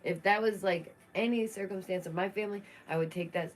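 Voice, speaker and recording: Young woman, casual commentary vlogger; outspoken, chatty, slightly low pitch. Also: fairly even intonation, a little fast, slight background noise. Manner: chatty, outspoken, laughs often. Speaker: true crime commentary vlogger.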